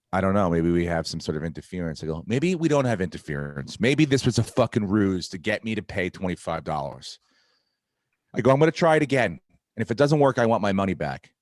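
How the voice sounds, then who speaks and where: This clean studio recording, with no echo, features a low-voiced, middle-aged man who hosts a podcast. He spins a funny yarn in relaxed conversation, profanity flowing, as he animatedly acts out each character's lines.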